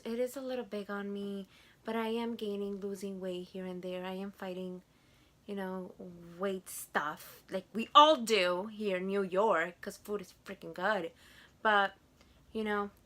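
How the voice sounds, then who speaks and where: Young woman vlogger with a Spanish accent, gushing, slow talker with a bright, pushing voice. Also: mid-range voice. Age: 20s. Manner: chatty, gushing, repeats words for emphasis. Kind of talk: casual haul chat to camera.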